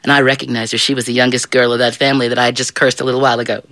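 Woman storyteller, bright tone, dry close sound, animated fairy-godmother narration. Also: extremely low pitch, very fast, no echo. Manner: animated, swooping voice and playful asides.

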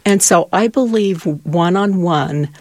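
Woman, middle-aged, husky, earnest, emotional storyteller, dry sound. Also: on the low side, slow pace, darkish tone, dry recording. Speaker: charity volunteer. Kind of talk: interview answers.

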